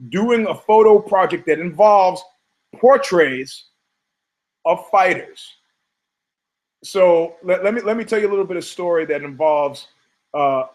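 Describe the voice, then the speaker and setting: A middle-aged man hosts a podcast in a fairly high voice. He rambles through stories and plugs with animated asides and salty language. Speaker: podcast host. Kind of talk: casual podcast monologue.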